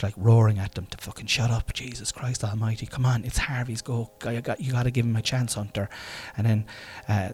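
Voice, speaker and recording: A man's voice: fairly low pitch, a little mellow, breathy edge. An Irish man in his forties telling family stories casually, swearing and laughing at himself. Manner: swearing, laughing, self-deprecating. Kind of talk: casual storytelling monologue.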